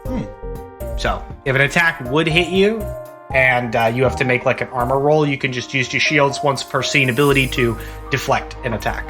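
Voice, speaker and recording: A man running a tabletop game as game master, relaxed and laughing often, with many fillers. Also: medium pitch, normal speed, music in the background.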